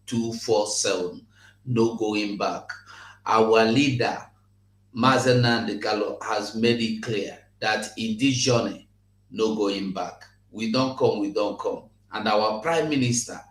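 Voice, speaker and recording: A man, a veteran activist, giving formal closing remarks steadily. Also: fairly low pitch. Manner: steady, declaring slogans. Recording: roomy echo.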